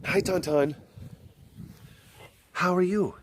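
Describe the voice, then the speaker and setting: A man's voice: takes it slowly, slight background noise. A man hosting a casual walking vlog outdoors at an animal compound, goofy and talkative, chatting with the viewers and the big cats. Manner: playful, goofy and talkative, coaxing animals in a high voice. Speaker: big cat sanctuary vlogger.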